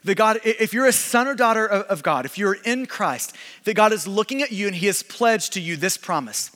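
A man in his thirties preaching a sermon as pastor, animated, swinging from loud emphasis to hushed intensity, in a church sanctuary. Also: sits high, fast talker. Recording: long reverb of a large hall.

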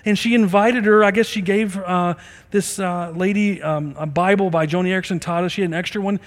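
A man's voice: high-pitched, fairly even intonation, a little fast, long reverb tail. A middle-aged man preaching a sermon as a pastor, earnest and conversational, acting out bits of dialogue.

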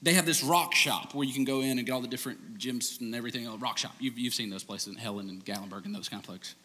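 Male pastor, sermon, bright forceful tone, conversational storytelling, long hall reverb. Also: quick pace. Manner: conversational storytelling, animated, ends low and hushed.

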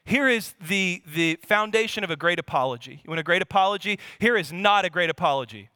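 A man in his thirties from Louisiana with a Louisiana accent, preaching a lively sermon as a pastor, full of repetition and rhetorical questions. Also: sits high, fairly quick, hardly any pauses, clear, resonant tone, no echo, clean studio sound.

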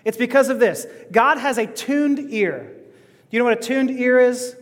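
A man's voice: extremely high pitch, measured pace, in a large hall. A man preaching a sermon as pastor, earnest and building to passionate emphasis.

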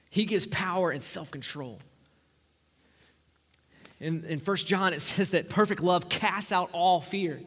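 A man preaching a sermon, emphatic, swinging from loud rising lines to quiet low asides. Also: in a large hall.

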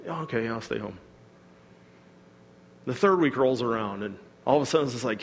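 A man's voice: mid-range voice, expressive, normal speed, pauses often, long reverb tail, slight background noise. A man preaching a sermon as a pastor, in a conversational way with self-deprecating humor, acting out quoted voices. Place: church hall.

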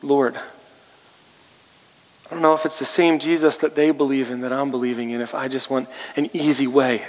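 A man's voice: steady tone, normal speed, long pauses, in a large hall, a little hiss or hum, low-quality recording. A man pastor preaching a sermon, turning rallying and emphatic as he challenges the congregation. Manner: rallying, rising in pitch and force when challenging the congregation.

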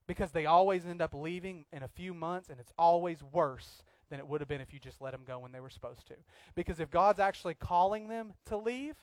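Male pastor, sermon, high voice, dry close sound, animated, loud and quiet by turns. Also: dry recording. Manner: animated, swings from loud acted outbursts to quiet earnest talk.

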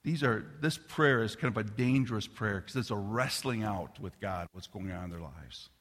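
A middle-aged man preaching a sermon as a pastor, an animated storyteller who talks straight to the congregation. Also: fairly low pitch, moderate pace. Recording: long reverb of a large hall.

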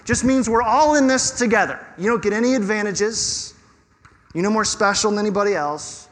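A man preaching a sermon as pastor, conversational and animated, asking his listeners rhetorical questions. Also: high-pitched. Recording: long reverb of a hall.

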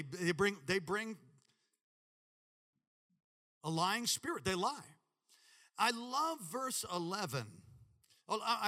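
A man preaching a sermon with animated, dramatic delivery and sudden shouts. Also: sits high, long reverb tail. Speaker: pastor.

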